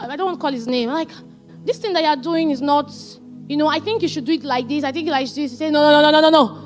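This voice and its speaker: A woman pastor preaching a sermon, animated and emphatic as she tells stories. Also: sits high.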